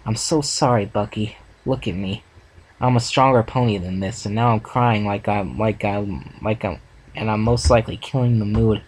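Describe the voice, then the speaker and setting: A man voicing an earnest, heartbroken female farm pony, reading her lines gently in a plain voice. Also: lowish voice, fairly even intonation, moderate pace, slight background noise, lightly acted, low-quality recording. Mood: sad, tearful.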